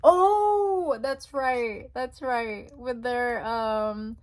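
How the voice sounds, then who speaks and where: A young woman chatting casually as she unboxes albums, gushing and squealing with excitement. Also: on the high side, drawn-out words.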